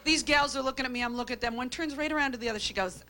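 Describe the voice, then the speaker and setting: A woman doing a stand-up comedy routine, delivering deadpan quips and tagging jokes with a flat "okay?". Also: high voice, very fast, few pauses. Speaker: stand-up comic. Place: comedy club stage with a live audience. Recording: hissy old VHS tape with audience laughter.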